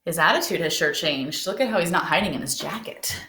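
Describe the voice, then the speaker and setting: A woman teacher reading a picture book aloud to her students, gently asking them questions along the way. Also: lowish voice, animated, fairly quick, noisy background. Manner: gentle, asks children questions. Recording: roomy echo.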